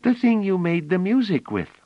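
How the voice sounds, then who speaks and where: An eager little girl bursts out in high, breathless cries, put on by a man reading aloud. Her voice jumps up squeaky and loud. She sounds insistent and restless, with no patience for waiting. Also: big pitch swings, moderate pace, no room sound, lo-fi sound.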